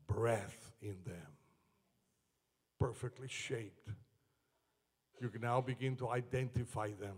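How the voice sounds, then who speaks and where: A man preaching a sermon to his church, moving from slow, low passages up to shouted climaxes.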